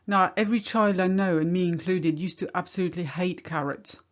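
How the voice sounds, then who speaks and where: A woman's voice: lowish voice, brisk. A middle-aged woman from France with a French accent, teaching in a chatty, wry way. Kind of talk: casual video lesson. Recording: slightly muffled home recording.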